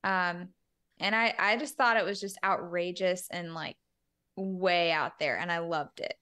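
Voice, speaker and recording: A woman's voice: fairly low pitch, unhurried, sharp tone. Enthusiastic, stumbling female co-host. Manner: enthusiastic, stumbles and repeats words. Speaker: podcast co-host. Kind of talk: casual podcast chat.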